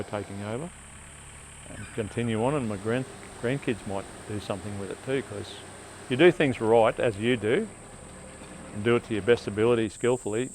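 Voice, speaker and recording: An older man with an Australian accent, telling stories from his life in a relaxed, rambling way as an interviewee. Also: on the low side, a little hiss or hum, rough recording. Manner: rambling, laid-back yarn-spinning with laughs. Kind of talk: casual storytelling.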